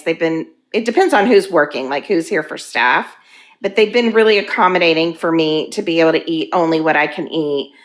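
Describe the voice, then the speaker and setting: A woman in her fifties candidly sharing her recovery story, earnest and halting, weepy and emotional. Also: lowish voice, fairly bright tone. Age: 50s. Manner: earnest, halting, with frequent ums.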